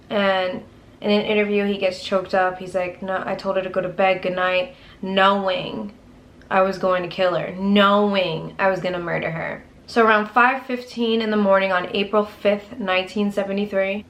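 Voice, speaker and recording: A woman's voice: mid-range voice, fairly bright tone. A woman telling a true crime story in a casual, conversational way as a video host. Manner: casual, conversational, uses filler words.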